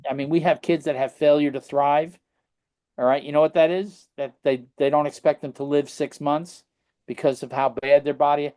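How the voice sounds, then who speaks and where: A man's voice: fairly high pitch, a little mellow, clean tone. A middle-aged man telling stories in a rambling interview, constantly checking in with tag questions. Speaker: guest practitioner. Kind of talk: casual anecdotal interview talk.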